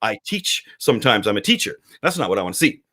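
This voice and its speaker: A man's voice: fairly low pitch, sing-song, fast, pushed and bright, breathy edge. A man co-hosting a casual podcast, talking animatedly and acting out quoted voices. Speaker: podcast co-host, comic publisher.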